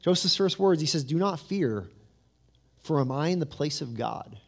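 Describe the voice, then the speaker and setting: Animated pastor preaching a sermon. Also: male voice, normal speed. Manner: animated storytelling with asides and humor; drops to a soft, low voice for emphasis.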